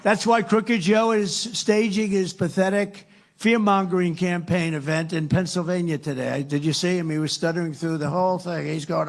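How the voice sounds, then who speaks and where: A man's voice: sits high, fairly even intonation, normal speed. A man from the United States, a political candidate, giving a rambling, sarcastic campaign rally speech full of repetition. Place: live rally.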